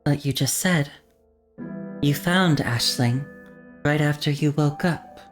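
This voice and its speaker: A woman's voice: low-pitched, slow pace, faint music behind. A woman voicing an uneasy young woman, reading the game's lines in a puzzled, probing way.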